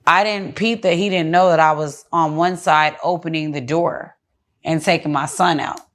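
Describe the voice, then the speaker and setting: A woman's voice: low voice, steady tone, normal speed. A woman guest in a casual interview on a studio couch, speaking bluntly, heatedly and with lots of cursing.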